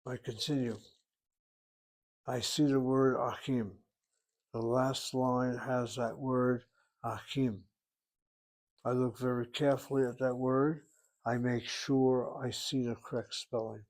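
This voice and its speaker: A man's voice: mid-range voice, level tone, takes it slowly, long pauses, darkish tone. A man teaching a recorded language lesson, working through each word aloud, step by step and methodically. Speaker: Hebrew teacher.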